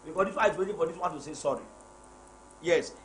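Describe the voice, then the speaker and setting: A man's voice: fairly high pitch, fast, fairly bright tone. A middle-aged man hosting a live marriage program as a pastor, reading viewer comments and repeating his points emphatically. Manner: emphatic, repeats key phrases, preacherly. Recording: echoey room with faint noise.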